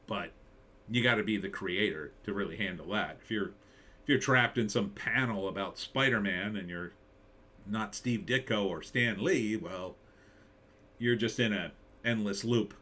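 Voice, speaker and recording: A middle-aged man hosting a casual live stream, ranting and mimicking critics in squeaky voices. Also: a little slow. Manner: animated, mocking impressions in high voices. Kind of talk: casual political commentary.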